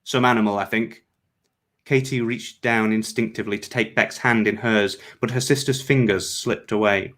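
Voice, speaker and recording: A male author reading his fiction aloud in a steady, measured way. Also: on the low side.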